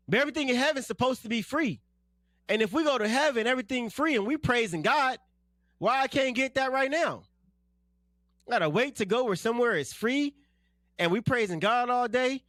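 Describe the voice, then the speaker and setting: High-voiced, fired-up radio ranter. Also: male voice, lively intonation, a little fast, a bit bright, dry recording, studio quality. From South Central Los Angeles. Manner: blunt, slangy, ranting. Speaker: radio host and political candidate.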